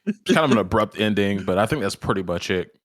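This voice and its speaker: A man's voice: lowish voice, lively intonation, fast talker. A man co-hosting a casual podcast chat in a laid-back way, full of filler words. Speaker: podcast co-host.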